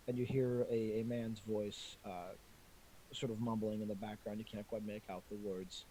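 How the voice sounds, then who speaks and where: A man narrating a tabletop game as game master, measured with small hesitations. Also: lowish voice, little pitch movement, dark tone, husky, poor audio.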